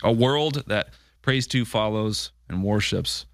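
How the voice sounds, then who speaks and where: A man's voice: lowish voice, slow, no echo, clean studio sound. A man hosting a political podcast, delivering an emphatic commentary monologue full of rhetorical questions. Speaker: podcast host.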